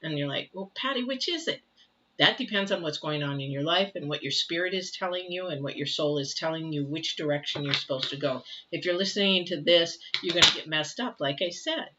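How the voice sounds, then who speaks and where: A woman's voice: sits low, a little fast, hardly any pauses, noisy background. An older woman giving a casual tarot reading, chatty and repetitive, often asking rhetorical questions. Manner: chatty, repeats phrases, asks rhetorical questions. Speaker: tarot reader. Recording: dull lo-fi recording.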